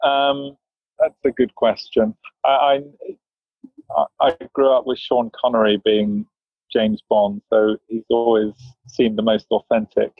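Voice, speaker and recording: A British man in his fifties, a physician answering interview questions in a measured, dry, understated way. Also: fairly low pitch, level tone, no echo, narrow, tinny audio. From England. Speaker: guest physician.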